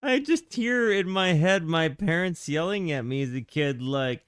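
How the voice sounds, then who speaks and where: A man hosting a casual music reaction video from his home setup, joking and rambling with quick restarts. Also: on the high side, clean tone. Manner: animated, jokey, rambling with restarts.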